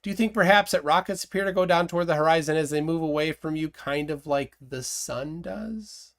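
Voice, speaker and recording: A man's voice: a little high, a little fast, a bit bright. A man hosting a casual live stream, reading viewer comments aloud and questioning his guest. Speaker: host.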